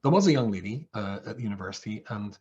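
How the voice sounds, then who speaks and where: A man's voice: lowish voice, expressive, fast, dark tone. A man, a rabbi, tells a comic story to listeners on a video call, swinging his voice up and down as he plays every person in it. The sound is a little dull and lo-fi, as video call audio is. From England. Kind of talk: humorous storytelling talk. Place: home, over a video call. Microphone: video call mic.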